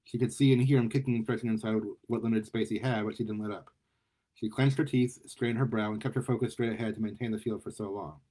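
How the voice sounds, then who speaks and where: A man reading a superhero story aloud in a lively way, often stumbling and repeating words. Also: fairly low pitch, fast. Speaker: story reader.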